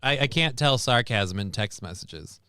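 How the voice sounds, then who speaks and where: A man's voice: mid-range voice, expressive, moderate pace, sharp tone, clean tone, no echo, clean studio sound. A man hosting a livestream, reacting to news clips in blunt, sarcastic casual commentary, swearing often. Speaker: livestream host.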